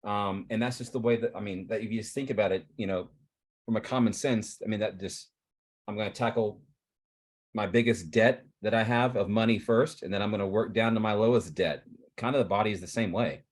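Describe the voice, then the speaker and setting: A man speaks earnestly over a video call, his voice sitting a little low for a man. He rambles through his explanation, stopping to restart his sentences as he goes. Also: a little fast, husky. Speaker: therapy provider presenting on a video call.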